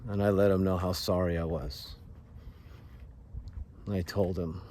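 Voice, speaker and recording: A man in his forties telling a personal story in a casual, confessional way, earnest and halting, often restarting his sentences. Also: sits low, little pitch movement, mellow, a little hiss or hum. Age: 40s. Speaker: vlogger sharing a personal story.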